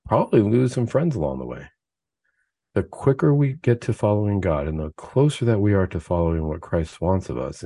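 A man's voice: lowish voice, warm tone, no room sound. A man hosting a Catholic talk show, giving an earnest, conversational spiritual reflection full of rhetorical questions. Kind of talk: spoken reflection, casual preaching.

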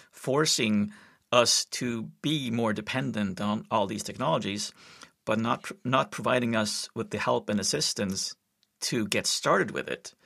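Low gravelly man from Sweden, relaxed co-host. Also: no room sound, studio quality. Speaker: podcast co-host. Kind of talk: podcast interview.

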